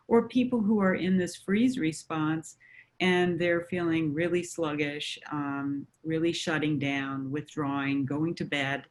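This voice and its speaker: A woman counselor talking through coping ideas in a conversation. She explains in a measured way, with frequent fillers. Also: deep voice, fairly even intonation. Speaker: mental health counselor.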